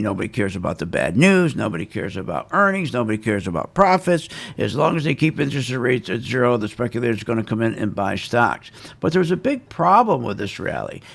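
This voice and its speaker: A man's voice: medium pitch, gravelly, breathy edge. A man giving casual, emphatic and self-assured stock market commentary, repeating his points.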